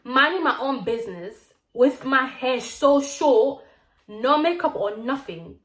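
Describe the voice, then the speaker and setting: A young woman tells a storytime on her vlog, full of slang and lively asides. Her voice sits a little high. The room gives it a noticeable echo. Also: takes it slowly. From Zimbabwe. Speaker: vlogger. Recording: roomy echo.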